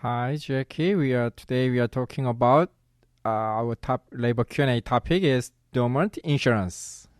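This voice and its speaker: A man's voice: medium pitch, normal speed, dry recording, clean studio sound. A man, the director of a labor center, explaining a labor topic on a radio question-and-answer segment with some hesitation.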